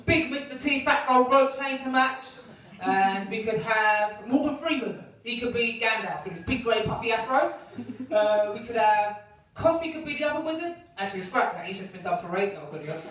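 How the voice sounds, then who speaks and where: A woman's voice: a little high, lively intonation, moderate pace, a bit bright. A woman performing a stand-up comedy set in a club, with a brash, mocking, punchy delivery. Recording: echoey club recorded from far off. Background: audience laughter.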